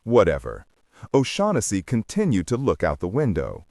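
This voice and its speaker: A man with a fairly low voice narrates a thriller audiobook at normal speed, reading the script in an expressive storytelling style. The sound is clean studio quality with no room sound.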